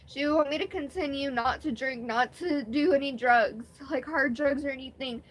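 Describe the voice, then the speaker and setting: Young female vlogger, somewhat high voice, rambling and candid, live-stream chat. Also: moderate pace. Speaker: vlogger hosting her first live stream.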